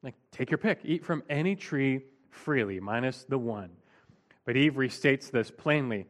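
A man's voice: medium pitch, very animated, normal speed, fairly bright tone. A man preaching an expository Bible teaching in a conversational, emphatic way, often saying "like".

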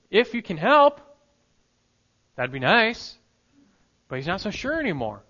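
A male pastor preaching a sermon, emphatic, moving between hushed lines and loud peaks. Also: high-pitched, very animated, a little slow, pauses often, highs cut off.

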